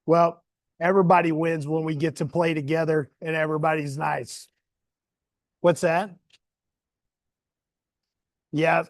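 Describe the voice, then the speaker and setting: A man's voice: on the high side, level tone, a little slow, long pauses, no echo, clean studio sound. A man from the Southern US with a country accent, talking in a friendly, folksy way to a crowd of children as a guest reader. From Southern United States. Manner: friendly, folksy, with many fillers. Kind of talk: casual talk to a crowd of children.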